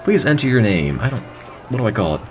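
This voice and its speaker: A man's voice: medium pitch, big pitch swings, fast. A man from New Jersey giving dry, sarcastic commentary while playing a video game. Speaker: let's play commentator. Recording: game music behind the voice.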